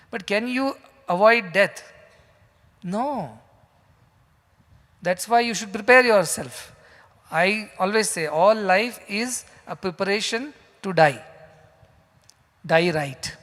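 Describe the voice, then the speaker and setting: Speaking as a spiritual teacher, a man delivers an emphatic sermon packed with rhetorical questions in a large hall. His voice sits high and sounds a bit bright, and the recording carries a long hall reverb.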